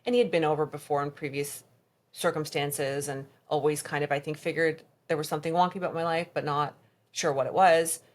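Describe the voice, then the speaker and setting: A woman as a podcast guest recounting a personal story in conversation, halting and reenacting past dialogue. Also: sits low, steady tone.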